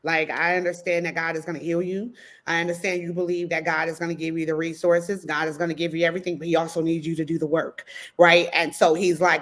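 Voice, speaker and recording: A woman's voice: sits low, little pitch movement, fairly quick. A woman health coach talking in a casual panel discussion, emphatic and encouraging, often checking in with "right?".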